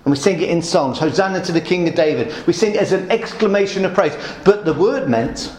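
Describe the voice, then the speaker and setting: A man preaching a sermon, asking rhetorical questions and acting out the shouts of a crowd. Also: sits high, a little fast, reverberant.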